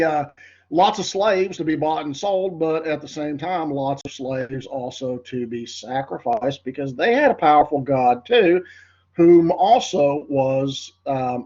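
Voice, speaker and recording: A man's voice: a little high, a little mellow, husky, highs cut off. A man with a congested, nasal voice teaching a history class in a rambling lecture, full of fillers. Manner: rambling, filler-heavy, addresses class as folks. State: congested, voice cracking.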